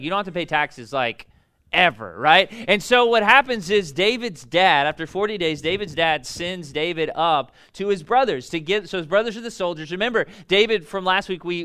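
A young male pastor with a high, bright voice rambles cheerfully through a sermon, dropping jokes and side stories. His tone is clean and smooth, with plenty of "like" and "um" along the way. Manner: jokey, rambling, full of fillers and asides. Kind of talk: casual conversational sermon.

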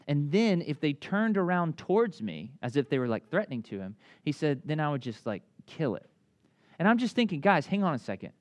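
A young man preaching a casual sermon, telling stories in a chatty, animated way with lots of asides. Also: on the high side, dry recording. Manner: conversational, animated storytelling with many asides. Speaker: pastor.

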